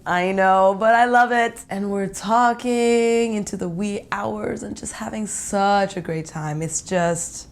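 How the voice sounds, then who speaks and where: A young woman hosting a podcast, telling a first-person story in an animated, giggly way and laughing often. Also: mid-range voice, unhurried, hardly any pauses. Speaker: podcast host.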